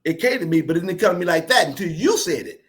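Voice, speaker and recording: A man guest telling stories in a fast, animated, playfully boastful way during a casual interview. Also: sits high. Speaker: guest speaker.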